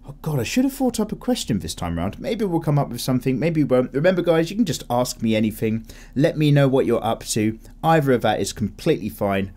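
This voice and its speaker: A young man hosting a relaxed drawing vlog, chatting casually and rambling with frequent self-corrections. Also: mid-range voice, a little fast. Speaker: art channel host. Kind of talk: casual chat while drawing.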